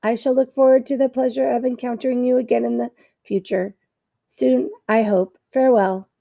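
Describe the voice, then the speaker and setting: Lady doing a stiff polite robot girl, super formal and precise, kinda gravelly edge, higher than her normal voice. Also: steady tone, normal speed, mellow. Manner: formal, carefully precise wording.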